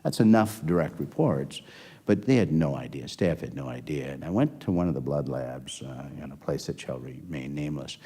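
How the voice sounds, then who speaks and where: A man's voice: extremely low pitch, lively intonation, normal speed, warm tone, slightly rough. An older man, a former health system executive, telling a long story in an interview, rambling and acting out the dialogue. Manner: rambling anecdotal, acts out quoted dialogue.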